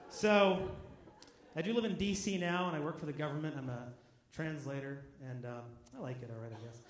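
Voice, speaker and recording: A man performing a stand-up comedy set on a club stage, with a punchy, self-mocking delivery that breaks into loud bursts. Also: a little high, fairly quick. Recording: echoey club room, audience noise.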